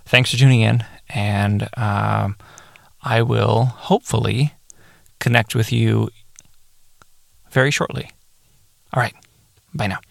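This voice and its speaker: Male podcast host, low and gravelly, casual and self-mocking. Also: steady tone, takes it slowly, long pauses, dry recording, studio quality. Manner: self-deprecating and mumbling. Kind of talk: casual solo podcast outro and outtakes.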